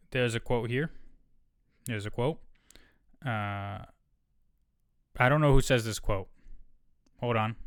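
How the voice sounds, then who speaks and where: A man's voice: mid-range voice, no echo. A man hosting a solo podcast. He reads a news article aloud and stops often for casual asides and self-corrections. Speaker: podcast host.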